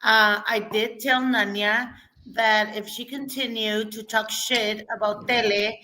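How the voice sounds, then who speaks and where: A woman on a livestream panel, speaking in a halting, hesitant way with lots of fillers. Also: on the high side, steady tone, bright, forceful tone, slight background noise, low-quality recording. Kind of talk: livestream argument.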